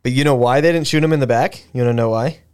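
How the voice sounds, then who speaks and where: A man's voice: mid-range voice, racing, darkish tone, smooth. A young man co-hosting a podcast, telling a history story in a loose, rambling way with fillers, restarts and swearing. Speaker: podcast co-host. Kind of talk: casual conversational storytelling.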